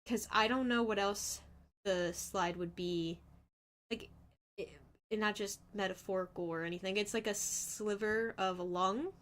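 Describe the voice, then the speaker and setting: A woman's voice: mid-range voice, fairly even intonation, unhurried, a bit bright. Chatty woman co-hosting a stream. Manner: chatty, analytical, laughs easily. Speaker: stream co-host. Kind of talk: casual reaction chat.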